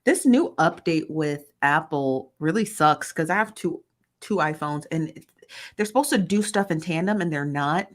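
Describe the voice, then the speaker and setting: A woman's voice: sits low, moderate pace. A woman hosting a casual livestream, chattily greeting viewers by name and reading their comments aloud. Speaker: livestream host. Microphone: phone.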